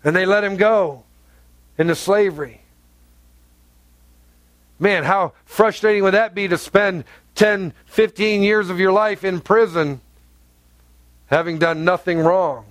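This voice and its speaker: A man's voice: sits high, unhurried, pauses often, no room sound. A male pastor preaching a sermon in a conversational, emphatic way, full of rhetorical questions.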